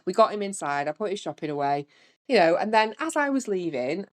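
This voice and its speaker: Woman with a low voice. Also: a little fast. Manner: chatty, with lively voiced-out quotes. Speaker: podcast host. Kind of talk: casual storytelling.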